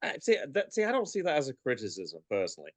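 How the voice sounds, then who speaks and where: Lively-voiced man giving opinions. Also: mid-range voice, quick pace, no echo. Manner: opinionated, laughs easily, thinks aloud. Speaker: podcast co-host. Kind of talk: casual chat.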